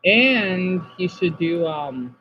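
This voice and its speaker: A man from Arizona streaming casually, reading chat comments aloud and reacting, moving between subdued talk and excited outbursts. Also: sits high, drawn-out words, lo-fi sound, slight background noise.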